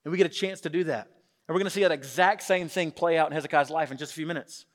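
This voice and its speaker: A man in his thirties preaching a sermon, animated, acting out quotes with shifts in voice. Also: on the high side, racing. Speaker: pastor. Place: church sanctuary with congregation. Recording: long hall reverb.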